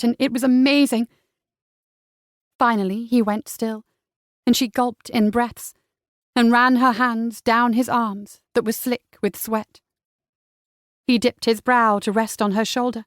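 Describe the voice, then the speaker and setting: A woman narrating a romance audiobook in an intimate, unhurried way. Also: on the high side, fairly even intonation, dry recording, clean studio sound.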